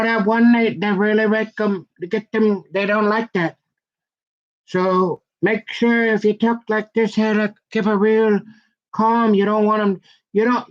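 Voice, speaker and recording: A man from Minnesota in a rambling, folksy comic rant, who keeps dropping into a mock-deep voice. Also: dull audio. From Minnesota, USA. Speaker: vlogger.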